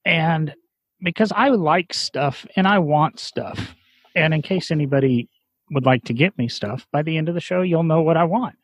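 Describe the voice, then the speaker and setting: A man hosting a casual podcast with friends, chatty and prone to quick restarts. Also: a little high, husky, no echo, dull audio. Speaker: podcast host. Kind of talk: casual chat.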